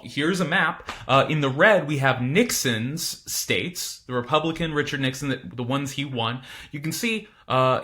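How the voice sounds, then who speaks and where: Bright-voiced chatty male teacher. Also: on the high side. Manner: chatty, informal, many fillers and asides. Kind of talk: casual classroom lecture.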